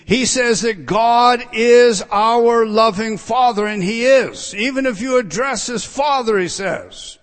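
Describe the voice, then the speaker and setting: A high-pitched man preaches with heavy emphasis, punching key words and then sinking into hushed asides. His voice rings through a large hall with a long reverb tail. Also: takes it slowly, hardly any pauses. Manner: emphatic, drops to quiet asides. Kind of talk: expository sermon.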